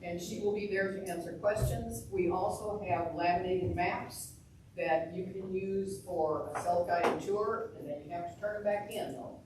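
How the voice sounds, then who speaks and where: Woman, low voice, club announcements, very echoey room, distant noisy recording. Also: fairly even intonation, a little slow. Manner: chatty, rambling, with fillers. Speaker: chapter meeting announcer.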